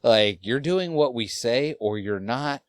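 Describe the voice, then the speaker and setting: A man's voice: medium pitch, lively intonation, unhurried, dry recording. A man co-hosting a podcast in casual chat, teasing and joking with his co-hosts. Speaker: podcast co-host.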